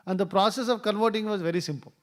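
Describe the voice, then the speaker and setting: A man tells a scripture story in a temple class. His voice sits fairly high, and it lifts when he acts out the characters' lines. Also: racing. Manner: storytelling, acts out quoted dialogue with rising voice. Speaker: temple speaker. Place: temple hall.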